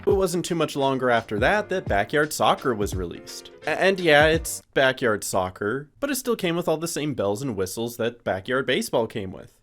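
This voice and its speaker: A woman commenting on gameplay and narrating a video, excitable and joking, shouting when surprised. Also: very deep voice, moderate pace, hardly any pauses, faint music behind. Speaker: video essayist and gamer.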